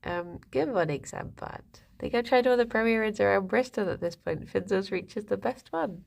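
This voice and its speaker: A woman's voice: medium pitch, normal speed, creaky, darkish tone. A young woman streaming live, chatting casually with viewers and rambling to her pet rabbits. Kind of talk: casual chat reading viewer comments.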